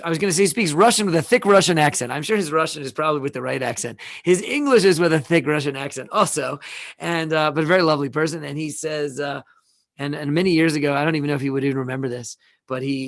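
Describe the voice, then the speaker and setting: A man hosting a live online show, teaching in a casual, animated way with many restarts and fillers, over a video call. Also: on the high side, gravelly, dry recording, studio quality. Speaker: host.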